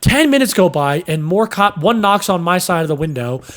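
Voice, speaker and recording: A young man casually telling a story on a podcast, animated, cursing and acting out sounds and voices. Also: high-pitched, moderate pace. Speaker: podcast host.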